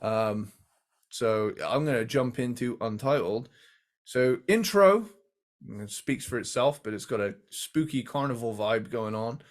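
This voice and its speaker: A man talks through an album ranking in a relaxed, unhurried way. He laughs easily and leans on filler words as he thinks aloud, and his pitch sits in the middle. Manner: laid-back, laughs often, many fillers. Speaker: podcast co-host. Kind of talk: casual music ranking chat.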